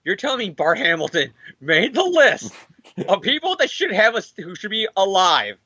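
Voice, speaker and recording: Animated, high-pitched man riffing on comics. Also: normal speed, dry recording, muffled recording. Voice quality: excitable, acts out characters mid-story. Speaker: podcast co-host. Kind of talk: casual comic book chat.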